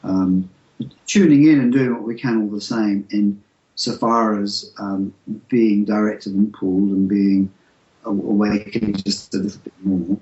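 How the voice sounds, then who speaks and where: A middle-aged man talking about meditation in an interview, halting with many fillers and restarts. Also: on the low side, steady tone, a little mellow. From England. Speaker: interview guest. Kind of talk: spiritual interview talk. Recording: roomy, muffled lo-fi audio.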